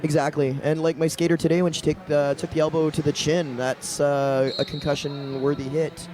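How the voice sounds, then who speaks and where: A man's voice: a little high, flat delivery, fairly quick, darkish tone, poor audio. A man doing live roller derby commentary, casual and informative about the play. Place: indoor arena.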